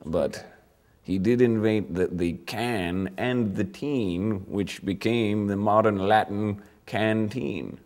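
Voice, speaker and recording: An actor playing a pompous, rambling old British army sergeant in a mock interview, with a British accent. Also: male voice, on the low side, fairly even intonation, slow, darkish tone.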